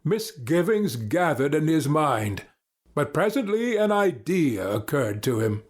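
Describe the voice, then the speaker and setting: Guy reading a storybook, husky voice, steady and calm. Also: fairly high pitch, a little slow. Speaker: narrator. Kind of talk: scripted narration.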